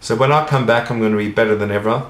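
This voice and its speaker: In this clip the Australian vlogger races along in a fairly low voice, swearing casually through an earnest, wandering monologue to the camera. The recording carries a roomy echo.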